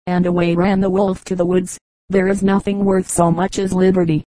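A narrator reading fables aloud in an even, measured storytelling manner. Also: medium pitch, dry recording, low-quality recording. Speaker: audiobook narrator.

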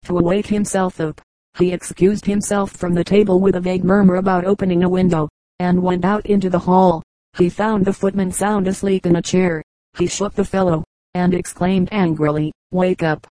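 A woman reading short humorous anecdotes aloud as an audiobook, in an even, measured storytelling manner. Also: on the low side, dry recording, rough recording. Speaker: audiobook reader.

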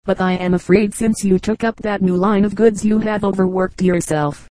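Woman reader doing an impatient, interrupting male traveler, dark tone, storybook. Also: medium pitch, fairly even intonation, normal speed, dry recording, close to an everyday voice, rough recording. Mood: exasperated. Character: exasperated older male commercial traveler.

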